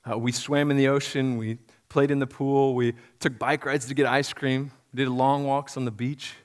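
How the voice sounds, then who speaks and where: A man in his thirties, a pastor, preaching a sermon in an earnest voice that builds to emphatic repetition and drops to quiet, soft lines. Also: medium pitch, little pitch movement, moderate pace.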